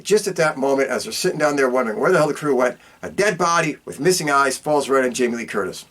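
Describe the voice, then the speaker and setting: A man hosting a podcast, casually recapping a film in an animated, profane storytelling manner with big swings in pitch and a repeated catchphrase. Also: quick pace. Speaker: podcast host.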